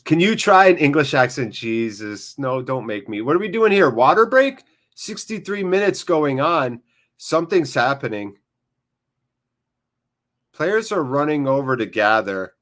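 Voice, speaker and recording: A man hosting a live football watchalong, commentating and joking excitably and swearing freely. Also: medium pitch, a little slow. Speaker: watchalong host. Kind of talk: live match commentary and chat.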